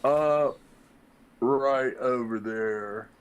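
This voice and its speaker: A middle-aged man with a medium-pitched, clear, resonant voice draws out his words, though the recording is muffled. As a podcast guest and former firefighter, he tells a long, rambling, casual story, performing quoted speech with many fillers.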